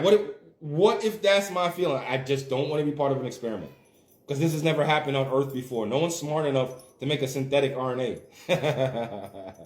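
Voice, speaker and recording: A man's voice: on the high side, roomy sound. A man hosting a livestream, ranting in a casual, profane and emphatic way. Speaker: livestream host.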